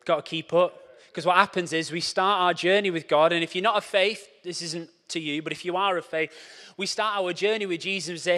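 A young man preaching a lively, joking sermon, acting out scenes and putting on quoted voices. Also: high voice, fairly quick. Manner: playful, animated, acts out scenes with quoted voices. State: out of breath after a race. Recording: long hall reverb.

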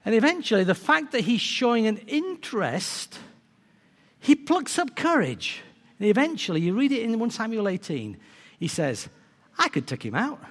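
A man preaching a sermon, telling a story in a lively way and acting out its characters. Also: very high voice, moderate pace. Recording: long reverb of a large hall.

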